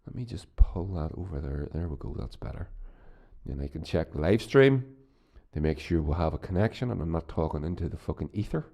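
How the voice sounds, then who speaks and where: This Northern Irish podcast host has a dark, expressive bass voice with vocal fry and a brisk pace. Chatting casually on his solo show, he rambles, curses, and keeps starting over.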